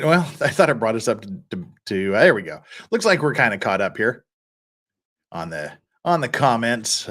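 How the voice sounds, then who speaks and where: A man's voice: mid-range voice, fairly bright tone. Chatty male livestream host. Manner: chatty, reads out viewer comments, laughs often. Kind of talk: casual live-stream chat.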